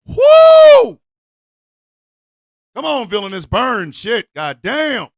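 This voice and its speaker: A male radio host yells and curses through a comic rant in a strikingly high, gravelly voice that leaps all over and has a sing-song lilt. He drags his words out slowly, and the sound is dry and close with no room sound.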